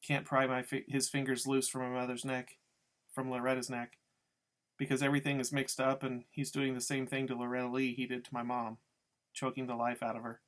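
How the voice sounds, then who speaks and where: A man reads a novel chapter aloud in first person. His telling is steady and tense, at an ordinary middle pitch. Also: a little fast. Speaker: audiobook reader. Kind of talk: first-person storybook narration.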